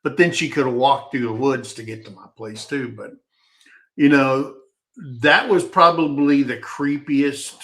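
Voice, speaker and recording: A man's voice: mid-range voice, measured pace, a bit bright. A man telling a personal story in a casual, rambling, folksy way, often stopping to restart his sentences.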